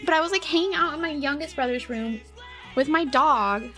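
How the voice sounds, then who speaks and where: A young woman talks to her stream in a loose, giggly ramble, leaning on "like" in nearly every phrase. Her voice sits slightly on the higher side. Soft music plays faintly in the background. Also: a little fast. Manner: rambling, giggly, heavy use of "like". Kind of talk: casual storytelling to a live chat.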